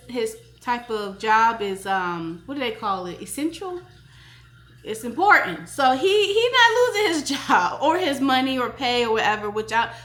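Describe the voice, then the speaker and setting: A woman's voice: sits high, a bit bright, echoey room. A woman vlogging casually to camera about stock trading, emphatic and repeating her key phrases. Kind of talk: casual direct-to-camera talk.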